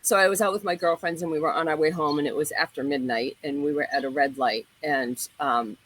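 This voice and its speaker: A woman co-hosting a talk show, telling a personal story in a lively, animated way and acting out the voices she quotes. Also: deep voice, brisk, breathy edge, low-quality recording. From Italian heritage. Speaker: co-host. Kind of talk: casual storytelling chat.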